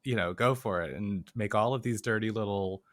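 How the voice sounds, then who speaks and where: Low-voiced guy co-hosting a podcast, rambling easy chat, dry close sound. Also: brisk, dry recording. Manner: relaxed, meandering, many fillers. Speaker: podcast co-host. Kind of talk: casual chat about a film.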